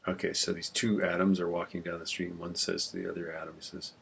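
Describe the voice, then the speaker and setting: A man's voice: low-pitched, little pitch movement, fast talker, gravelly, a bit bright, husky. A male instructor giving an informal classroom lecture. He rambles, mutters calculations half-whispered under his breath, and tells corny jokes between topics.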